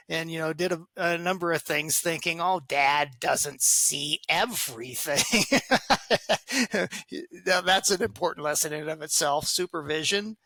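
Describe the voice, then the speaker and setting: A man being interviewed on a podcast as a parenting expert, telling stories with animated energy, acting out quoted voices and laughing often. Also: a little high, dry recording.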